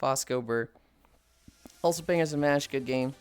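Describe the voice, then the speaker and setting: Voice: medium pitch, moderate pace, clean tone, soft background music. A livestreamer chatting casually with viewers, reading chat aloud and ranting playfully with plenty of swearing. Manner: swears freely, reads and answers chat.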